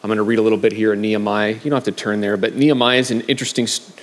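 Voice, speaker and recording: A man's voice: on the low side, flat delivery, racing. A middle-aged man giving a casual sermon with scripture readings, talking loosely with fillers and restarts. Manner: conversational, frequent fillers and restarts. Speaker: preacher sharing a message. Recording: long hall reverb.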